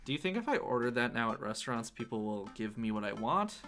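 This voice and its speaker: Playful male game streamer, lively, bright. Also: mid-range voice, fast talker, faint music behind. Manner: playful, jokey, does silly voices. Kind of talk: reading game text aloud, joking.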